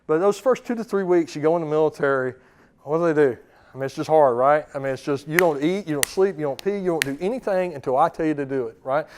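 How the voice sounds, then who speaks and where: A man's voice: a little high, slight background noise. A man in his thirties, a dog trainer, giving a seminar talk and acting out commands and dogs' thoughts. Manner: forceful, acts out commands and dog thoughts in quick voices.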